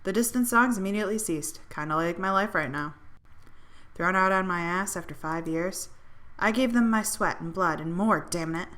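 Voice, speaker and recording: A woman playing a story game, reading the first-person narration aloud in an expressive, sardonic voice and swearing freely. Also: lowish voice, normal speed. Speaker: game streamer. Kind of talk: dramatic reading of a visual novel.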